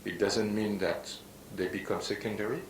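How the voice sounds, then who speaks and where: A man ambassador giving a press statement in a halting way with pauses. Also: fairly even intonation. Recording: echoey room with rumble.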